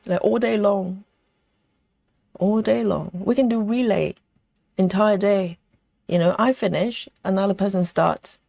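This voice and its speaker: A woman talks slowly and gently through a live stitching stream, reading out viewers' comments and counting her stitches. Her voice has a gravelly, fry-tinged edge, and the sound is close and dry. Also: mid-range voice, no echo. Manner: unhurried, reads chat comments aloud while counting stitches. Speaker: livestream host stitching live. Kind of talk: casual live-stream chat.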